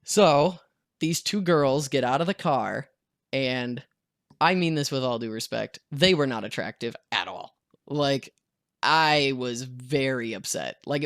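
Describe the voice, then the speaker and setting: A man's voice: medium pitch, unhurried, fairly bright tone, no room sound, clean studio sound. A young man telling a story in a casual storytime vlog, acting out what people said. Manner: casual storytelling, acts out quotes. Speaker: vlogger.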